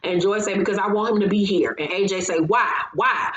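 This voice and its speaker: A woman's voice: medium pitch, a little fast, fairly bright tone, lo-fi sound. Chatty woman recapping reality TV, echoey room. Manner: chatty and opinionated, retells scenes with asides. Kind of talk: casual episode recap commentary.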